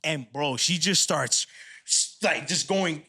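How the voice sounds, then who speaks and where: A young man tells a rowdy story on a podcast, slangy and animated, often breaking into laughter. His voice sits a little high for a man. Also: slow pace, breathy edge. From New York City. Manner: animated, laughing storyteller who acts out quotes. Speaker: podcast co-host. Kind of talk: casual storytelling.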